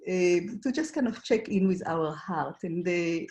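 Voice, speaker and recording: A woman who grew up in Israel, gently guiding a reflection exercise in an online workshop, with frequent pauses and fillers. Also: fairly low pitch, lively intonation. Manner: gentle, hesitant, many fillers. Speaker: workshop facilitator.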